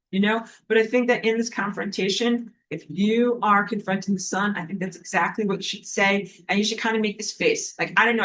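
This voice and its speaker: Reading viewer comments aloud and apologizing a lot, a spiritual teacher chats casually on a livestream, rambling with frequent fillers and the odd curse. The voice sits in the mid-range and is a bit bright, and the audio is poor.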